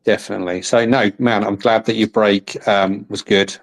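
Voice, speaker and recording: A man's voice: lowish voice, level tone, moderate pace, vocal fry. Chatty male podcast host. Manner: teasing, chatty, encouraging. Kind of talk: casual interview chat.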